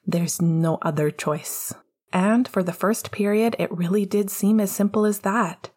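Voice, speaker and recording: A woman narrating a fan-fiction audiobook with steady storytelling, giving the dialogue small character voices. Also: fairly low pitch.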